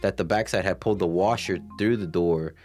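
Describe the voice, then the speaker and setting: Young man, deep voice, animated storyteller who mimics coworkers; faint background music. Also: fairly quick. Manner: animated storytelling, acts out coworkers' lines in Spanish and English. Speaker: guest. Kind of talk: casual chat.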